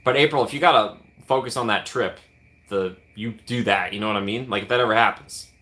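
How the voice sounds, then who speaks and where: Brisk and sharp-toned, this fairly low-pitched male livestream host keeps things casual and rambling. He's chatty, quick to laugh, and calls out viewers by name to thank them.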